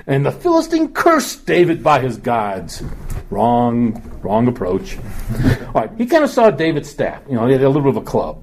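Man, bible teacher, chatty and joking, lively voice, fairly high pitch. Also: breathy edge.

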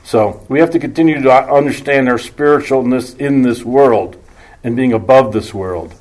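A male preacher teaching from the Bible, reading scripture slowly and emphatically and then dropping into quieter conversational asides with dry humor and rhetorical questions. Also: medium pitch, low-quality recording.

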